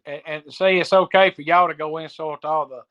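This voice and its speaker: A man's voice: fairly high pitch, steady tone, brisk, bright, forceful tone, dull audio. A man, a wrestling announcer guest, answering back in defensive country banter. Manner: defensive, plain country talk. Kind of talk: casual show banter.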